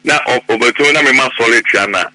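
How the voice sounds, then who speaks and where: A middle-aged Ghanaian man in heated political commentary, animated and quick to repeat himself when worked up. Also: medium pitch, no echo, low-quality recording. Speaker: political party member.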